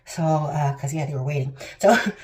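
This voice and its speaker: A woman's voice: fairly quick, a little mellow. Emotional woman telling a painful story. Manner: emotional, acts out quotes with big pitch jumps. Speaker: vlogger. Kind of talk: personal storytelling to camera.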